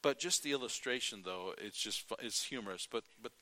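A middle-aged male preacher giving a sermon, telling folksy stories, acting out quotes and often clearing his throat. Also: mid-range voice, brisk, bright, forceful tone, a little hiss or hum.

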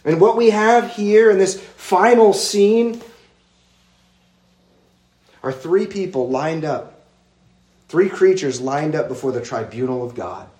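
A man's voice: a little high, slow, pauses often, dark tone, reverberant. A male pastor preaching an expository sermon in an earnest, emphatic way, stacking lists of words one after another.

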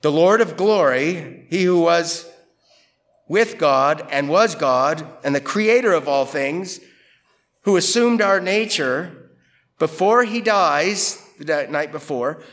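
Male preacher, slightly higher register, conversational expository style, emphatic, rhetorical questions. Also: slow. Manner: lively, emphatic delivery. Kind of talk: expository Bible teaching.

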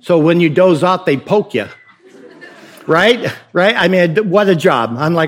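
Male pastor with a slightly high voice, preaching casually with questions and jokes. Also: animated, unhurried, a bit bright. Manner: conversational preaching with rhetorical questions and humor. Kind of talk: sermon.

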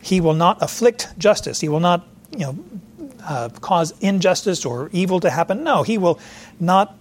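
A man's voice: high voice, lively intonation, moderate pace, slight background noise. Conversational man preaching verse by verse. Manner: conversational, searching aloud for verse numbers with fillers; briefly voices imagined questions to a listener. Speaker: pastor. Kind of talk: expository sermon.

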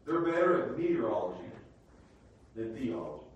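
A man preaching a sermon in a church, swinging from low, quiet passages to shouted, repeated lines. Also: sing-song, normal speed, highs cut off, a little hiss or hum. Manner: dramatic, swings from low murmurs to shouted repetition. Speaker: pastor. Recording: very echoey hall, voice far from mic.

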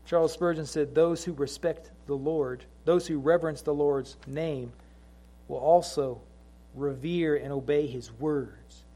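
A middle-aged man preaching a sermon to a congregation, mixing chatty family stories with slow, emphatic repeated lines from scripture. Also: a little high, warm tone. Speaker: pastor.

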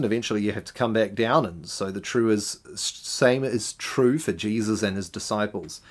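A man preaching a sermon, often putting rhetorical questions to the congregation. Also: medium pitch.

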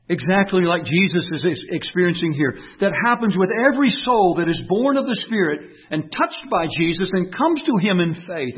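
A man preaching a sermon, swinging between raised, emphatic declarations and quiet, tender passages. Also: on the high side, slightly rough, highs cut off. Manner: impassioned, swinging from raised, emphatic lines to quiet, soft reflection.

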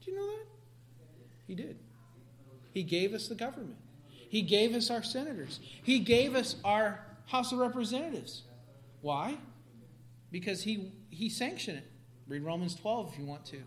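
A man preaching a sermon, animated, swinging from quiet asides to sudden loud outbursts. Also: sits high. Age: adult parent.

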